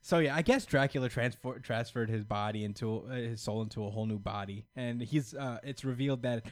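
A man's voice: mid-range voice, brisk, no echo. A man hosting a podcast, recapping a comic in a loose, laughing manner and swearing freely. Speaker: podcast host. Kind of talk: casual comic-book recap chat.

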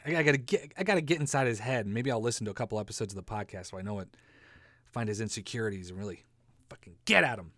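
On a casual comedy podcast, the male host rambles sarcastically, swears casually, laughs at his own jokes and slips into silly voices. His voice is fairly low yet fairly bright, and the studio recording is clean with no echo.

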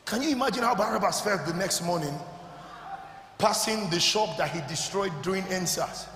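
A man preaching a sermon who keeps asking the congregation if they are listening and climbs into shouted, fervent exhortation. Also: high-pitched, normal speed, a little hiss or hum. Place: large church hall. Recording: echoey hall with music behind.

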